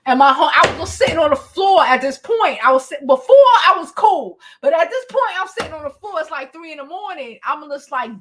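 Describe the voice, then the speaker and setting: A woman vlogger telling a casual storytime to her viewers, animated and profane, often breaking into laughter. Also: high-pitched, a little fast, hardly any pauses, a little hiss or hum. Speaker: beauty vlogger.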